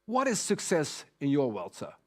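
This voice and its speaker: A man moderating a high-level panel, polite and courteous, pausing often with fillers. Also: wildly swooping pitch, a bit bright.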